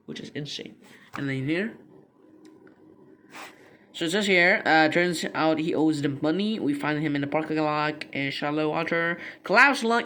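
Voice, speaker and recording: Young man, casual comic recap, rambling, filler-heavy, slangy, excitable. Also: fairly high pitch. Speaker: comic book reviewer.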